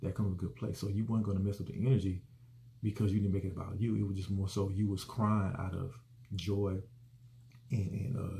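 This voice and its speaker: Deep gravelly man musing earnestly. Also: dark tone. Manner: rambling, earnest, repeats words. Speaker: host. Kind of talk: casual personal reflection.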